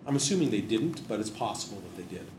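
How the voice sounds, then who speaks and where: A man's voice: on the low side, sing-song, quick pace. A man casually explaining old stories in a rambling, digressive and wry way. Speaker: host discussing memorial plaques. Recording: roomy echo with background noise.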